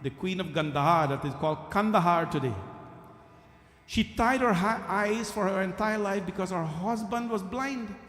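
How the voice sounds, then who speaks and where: Male temple storyteller, animated sermon, high voice, long hall reverb. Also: normal speed. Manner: animated, acts out dialogue, asides to audience.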